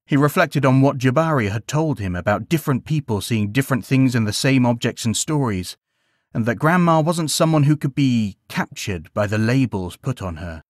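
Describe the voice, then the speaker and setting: Gentle, expressive male storyteller. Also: medium pitch, moderate pace, dry recording, studio quality. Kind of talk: bedtime story narration.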